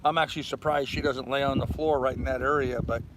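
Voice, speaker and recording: A man's voice: medium pitch, steady tone, fast. An older man chatting casually on a live stream from his sailboat, rambling along and greeting viewers by name. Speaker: vlogger doing a live stream. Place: aboard a sailboat. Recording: loud wind noise on the mic. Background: wind and boat ambience.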